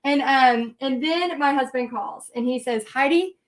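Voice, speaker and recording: A woman's voice: sits high, unhurried. A woman teaching a live painting lesson, chatting and telling her story with lots of fillers and restarts. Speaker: paint party instructor.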